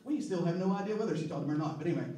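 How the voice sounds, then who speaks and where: A man in his thirties telling a personal story on stage in a relaxed, joking way, often laughing. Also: high voice, very fast. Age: 30s. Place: stage at a live storytelling show. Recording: echoey hall, distant mic, faint noise.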